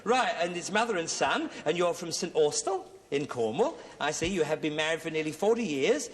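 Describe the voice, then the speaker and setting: A man's voice: a little high, very animated, fairly quick, few pauses, a little hiss or hum. A middle-aged man hosting a television game show, bantering and teasing contestants with puns. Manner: joking, teasing punning patter. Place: television studio with audience. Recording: reverberant TV studio with audience laughter.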